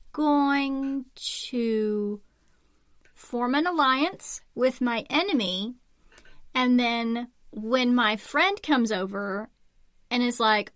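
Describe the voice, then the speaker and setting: A woman co-hosting a podcast in casual chat, animated and acting out quotes. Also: fairly high pitch, takes it slowly, no echo. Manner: animated, acts out quotes in her stories. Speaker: podcast co-host.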